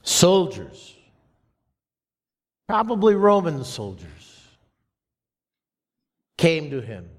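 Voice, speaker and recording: A pastor preaching a sermon to his congregation, slow and emphatic with dramatic pauses. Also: on the low side, expressive. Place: church sanctuary. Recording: long reverb of a church hall.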